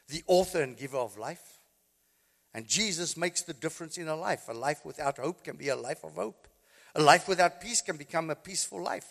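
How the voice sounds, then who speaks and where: A man, a pastor, preaching an impassioned sermon that swings from quiet, low passages to high, shouted exclamations. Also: creaky, big-room sound.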